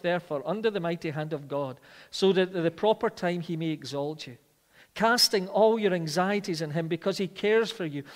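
A man with a high, light voice delivers a sermon in a church, his words carrying a long reverb tail. He reads scripture aloud and hammers home repeated lines, then slows and drops to a soft, quiet delivery when he wants a point to sink in. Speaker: preacher.

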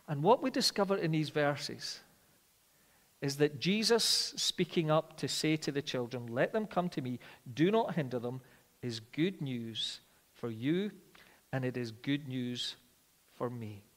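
A man preaching a sermon, swinging between loud emphatic declarations and quiet reflective passages. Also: medium pitch, lively intonation, measured pace, long reverb tail.

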